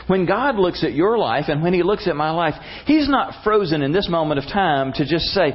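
A man preaching a sermon in a folksy, animated way, acting out the story as he goes. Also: fairly high pitch, normal speed, few pauses, husky, lo-fi sound. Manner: folksy, animated, uses voices for characters. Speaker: pastor.

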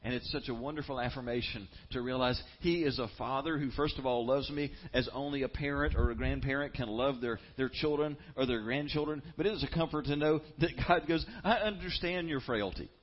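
A man preaching a sermon as a pastor, earnest and emphatic, with dramatic pauses. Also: medium pitch, fairly even intonation, muffled recording.

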